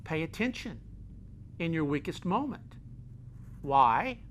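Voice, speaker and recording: A man's voice: fairly high pitch, sing-song, takes it slowly, slight background noise. Emphatic middle-aged man giving a pep talk. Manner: emphatic, repeats key phrases, swings loud and quiet; folksy, talks with his hands. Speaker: host. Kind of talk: motivational talk.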